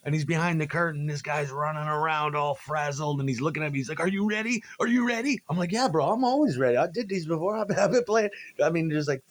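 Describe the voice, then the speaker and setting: A man, a musician, telling rambling, profane stories about old gigs and acting out what people said. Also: medium pitch. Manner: profane, rambling, animated when quoting people. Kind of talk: casual storytelling monologue.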